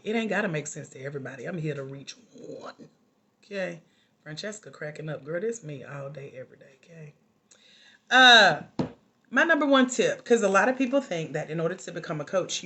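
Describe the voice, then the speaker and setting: A woman life coach trainer, talking casually and sassily at home to viewers, with lively preachy asides. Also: on the low side. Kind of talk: casual livestream talk.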